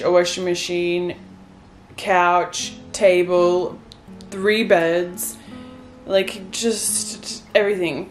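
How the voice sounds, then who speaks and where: A weary young woman in a bright bedroom talks into her phone as if on a video call with a close friend. Her voice sits a little low and moves slowly, candid and rambling. Quiet guitar music plays faintly beneath her. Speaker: vlogger. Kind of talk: casual heart-to-heart video chat. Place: bright white bedroom, indoors. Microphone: phone camera, close.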